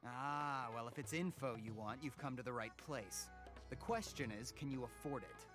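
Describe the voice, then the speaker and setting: Man playing smug scheming cultist, sneering tone, mid-pitched male voice, game music underneath. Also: moderate pace, close to an everyday voice. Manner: sneering, mocking laughs. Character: smug scheming male cult member and info broker.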